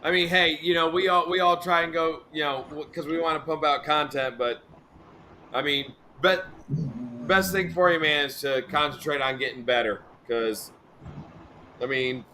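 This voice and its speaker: A man hosting a fishing live stream, easygoing and quick to laugh. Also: on the high side, sharp tone, slight background noise. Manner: easygoing, laughing, says man and you know. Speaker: host. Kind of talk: joking live stream chat.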